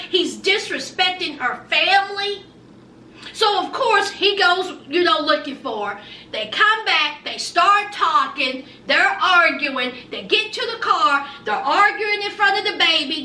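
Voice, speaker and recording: A woman's voice: extremely high pitch, pushed and bright, reverberant, distant mic, slight background noise. A woman giving a chatty, sassy recap of a reality show, talking straight to her viewers. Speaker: recap vlogger.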